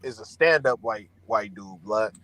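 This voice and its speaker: A man's voice: lowish voice, animated, unhurried, sharp tone, no room sound. A man co-hosting a boxing live stream in a laid-back, joking way. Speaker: co-host. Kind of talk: casual live-stream chat.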